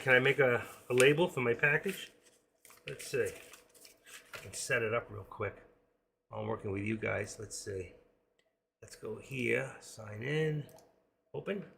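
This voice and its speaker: A man in his sixties, an excitable day trader who rambles through a casual live-stream commentary with pep-talk asides. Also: medium pitch, moderate pace, gravelly, pauses often, slight background noise. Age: 60s.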